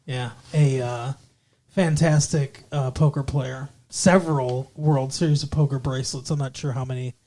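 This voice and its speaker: A man's voice: mid-range voice, steady tone, moderate pace, dark tone. Brief: male podcast co-host, chatty and digressive, trails off and self-corrects. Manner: rambling, digressive, corrects himself mid-sentence. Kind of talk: casual movie podcast chat.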